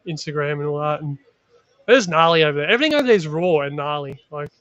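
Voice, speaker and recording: An Australian man telling stories in casual chat as a guest, energetic and full of slang. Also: on the high side, fast, dry recording, lo-fi sound.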